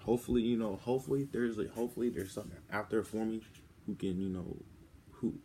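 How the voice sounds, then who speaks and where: A teenage boy talking in a personal vlog, halting and rambling, full of restarts, and close to tears. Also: sits low, mellow, a little hiss or hum. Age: teens. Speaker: vlogger.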